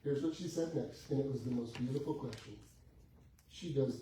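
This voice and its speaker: A man's voice: mid-range voice, normal speed, dark tone. Storytelling man in an echoey room. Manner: storytelling, acts out client dialogue, rhetorical questions. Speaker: real estate coach. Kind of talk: motivational talk to a live group. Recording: echoey room, heard from a distance, faint background noise.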